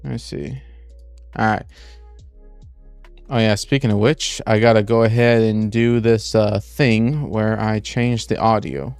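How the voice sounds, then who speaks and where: A man's voice: on the low side, measured pace, pauses often, a little mellow, clean tone, dry recording, soft background music. A young man streaming live, rambling casually with lots of "like" and restarts and talking through what he is doing step by step. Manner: rambling, full of "like" and restarts, talks through each step aloud.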